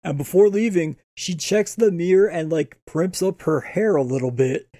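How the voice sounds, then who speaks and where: A man's voice: on the high side, normal speed, dark tone, no room sound, clean studio sound. A man co-hosting a casual chat about an old TV episode, laid-back and crude, laughing as he talks.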